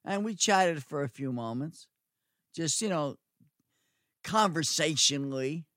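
A middle-aged man preaches in a slightly high voice, unhurried and deliberate, circling back over his phrases. His delivery swings from hushed stretches to loud emphasis. The sound is close and dry, with no room echo. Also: expressive. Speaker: preacher, former nursing home chaplain. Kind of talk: sermon.

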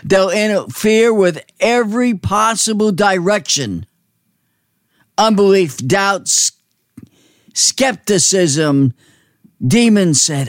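A man preaching a sermon, slow and emphatic, repeating phrases for weight. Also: high voice, dry recording, studio quality.

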